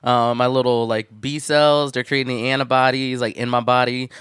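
Bright-voiced man ranting with heavy profanity. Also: medium pitch, little pitch movement, normal speed, clean tone, dry recording, clean studio sound. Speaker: podcast co-host. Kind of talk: casual chat.

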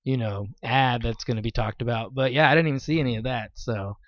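A man chatting casually on a podcast, rambling through fillers and restarts and swearing freely. His voice sits at a middling pitch. The recording is dry and a bit dull and lo-fi. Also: quick pace, dry recording. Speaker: podcast co-host. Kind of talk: casual chat.

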